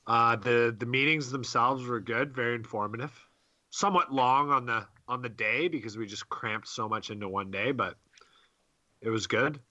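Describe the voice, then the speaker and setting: A man's voice: medium pitch, moderate pace, pushed and bright, no echo, muffled recording. A young man co-hosting a podcast, chatting in a laid-back, joking way and swearing casually. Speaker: podcast co-host. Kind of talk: casual chat.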